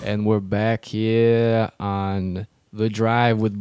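A man's voice: lowish voice, little pitch movement, drawn-out words, a little mellow, soft background music. A man hosting a comedic sports radio show, rambling with lots of filler words. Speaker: radio host.

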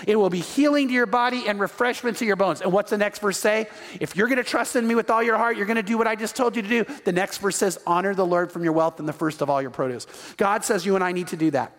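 A man's voice: high voice, fairly bright tone, big-room sound. A male pastor preaching a sermon with emphatic rhetorical questions, reading Scripture aloud.

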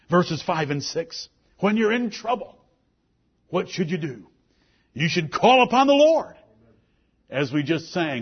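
Husky high-voiced preacher, very animated. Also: male voice, normal speed, highs cut off. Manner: emphatic preaching with King James scripture quotes. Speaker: pastor. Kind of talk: sermon.

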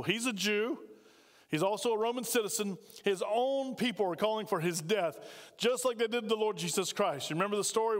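Male pastor, high voice, conversational sermon, long church reverb. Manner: conversational preaching, asks the congregation questions. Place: church sanctuary.

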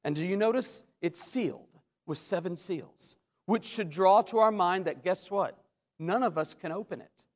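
A man preaching a sermon as a pastor, with dramatic swings between loud questions and hushed asides. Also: high voice, moderate pace. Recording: long hall reverb.

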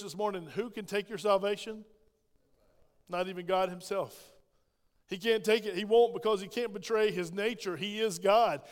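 Older preacher, high voice, echoey sanctuary. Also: male voice. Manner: emphatic preaching with call-and-response questions. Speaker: pastor. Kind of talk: sermon. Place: church sanctuary. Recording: echoey church hall reverb.

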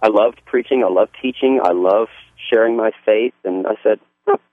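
A man's voice: lowish voice, normal speed, no echo. A man with a Southern US accent, a pastor telling his life story in a radio interview, earnest and folksy, often restarting his sentences. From Southern US (Georgia). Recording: dry, phone-like radio line.

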